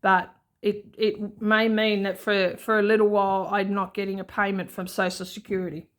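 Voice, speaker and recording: A woman's voice: medium pitch, level tone, moderate pace, fairly bright tone. An Australian woman talking in a rambling, chatty way with many asides, in an unscripted casual vlog. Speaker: budgeting vlogger.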